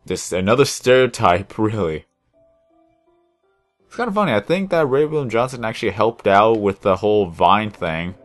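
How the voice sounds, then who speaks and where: A young man with a fairly low voice chats in a relaxed, rambling way while he plays a game, talking into a headset. Faint music plays under his voice. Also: moderate pace. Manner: laid-back, rambling. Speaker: gaming channel host. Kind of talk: casual chat while playing a game.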